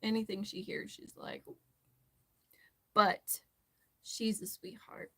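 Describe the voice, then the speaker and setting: A woman talks through a crochet project in an easygoing, rambling way, often breaking into laughs. She takes her time, speaking at an unhurried pace with a middle-pitched voice. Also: huge pitch swings, gravelly, husky. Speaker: crochet tutorial host. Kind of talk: casual chat while crocheting.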